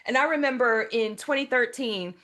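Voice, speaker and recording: A woman hosting an interview show, her voice sitting a little high for a woman. She tells stories animatedly and talks straight to her listeners in a friendly, conversational way. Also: normal speed. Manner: lively storyteller, addresses listeners as y'all. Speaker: podcast host.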